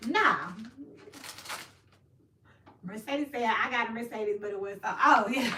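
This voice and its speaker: A woman giving a casual tarot reading, animated and swearing, acting out little scenes as she talks. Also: a little high. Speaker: tarot reader. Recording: echoey room, mic at a distance, noisy.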